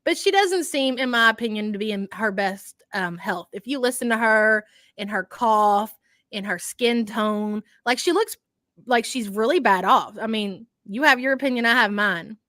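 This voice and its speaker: Hesitant woman livestreaming, slightly high. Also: a bit bright, no echo, studio quality. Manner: measured, hesitant, full of ums and uhs. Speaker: streamer in the clip being reacted to. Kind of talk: casual livestream talk.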